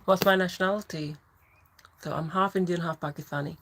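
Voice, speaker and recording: A woman's voice: lowish voice, steady tone, brisk, fairly bright tone, poor audio. A woman hosting a casual livestream, chatting and laughing as she answers viewer comments. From England. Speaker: livestream host.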